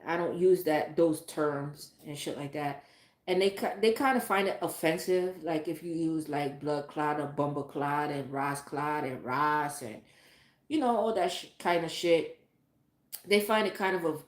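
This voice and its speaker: A woman's voice: fairly low pitch, unhurried. A woman talking in a casual, candid way, rambling and swearing freely, with lots of fillers like "like" and "um". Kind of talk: casual chat. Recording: echoey room.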